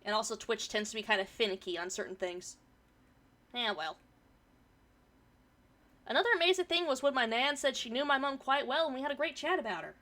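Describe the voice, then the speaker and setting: A woman's voice: fairly high pitch, lively intonation, fairly quick, pauses often, pushed and bright. A woman streamer reading a forum story aloud and chatting about it, swearing casually, her throat a bit irritated from pollen.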